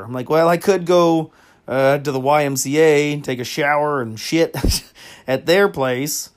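A man's voice: a little high, steady tone, measured pace, smooth. Crude rambling male podcast host. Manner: crude, laughs often, rambling with fillers. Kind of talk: casual comedic storytelling.

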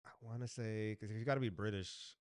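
A man co-hosting a casual podcast chat, blunt and profane, swinging from loud outbursts to mumbled asides. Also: lowish voice, fairly even intonation, fast, clean tone, dry recording, clean studio sound. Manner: blunt, swears freely, jumps between loud bursts and mumbled asides. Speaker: podcast co-host.

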